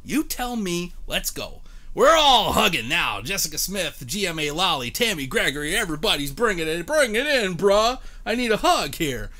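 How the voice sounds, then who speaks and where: A man's voice: sits high, big pitch swings, normal speed, bright, forceful tone. A man in his thirties hosting a live-streamed game show, joking and chatting with viewers by name.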